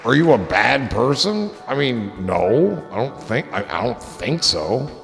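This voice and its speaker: Man, gravelly voice, casual livestream chatter, joking and swearing, reverberant room, music and crowd noise behind. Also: mid-range voice, sing-song, a little slow, fairly bright tone.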